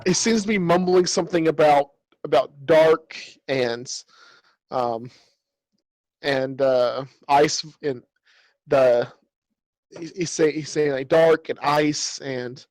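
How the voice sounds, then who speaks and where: A man narrates a tabletop game as its game master, with a slightly raised pitch. He rambles, filling gaps with ums and circling back to restart his sentences. The sound is dry and close. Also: steady tone, slow pace, a little mellow, no echo, low-quality recording. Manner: rambling, with many fillers and restarts.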